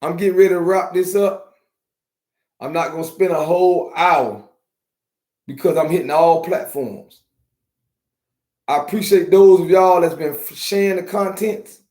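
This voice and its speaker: High-voiced streetwise man preaching slowly. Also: a little mellow. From Miami. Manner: streetwise, preachy, drawn-out slow emphasis. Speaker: podcast host. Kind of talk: casual live-stream talk to viewers. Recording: echoey room.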